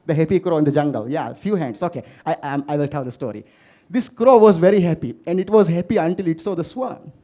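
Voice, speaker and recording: A man's voice: on the high side, fast, warm tone. A man from the Maldives giving a motivational keynote talk to a live audience, telling stories and asking the audience questions. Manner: storytelling, asks the audience questions. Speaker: keynote speaker.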